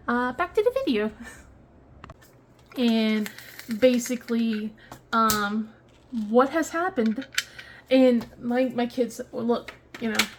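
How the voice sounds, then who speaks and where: A woman's voice: a little high, a little hiss or hum. A woman in her thirties chatting casually as a crafting vlogger, telling a rambling story full of fillers and restarts. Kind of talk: casual chat while crafting.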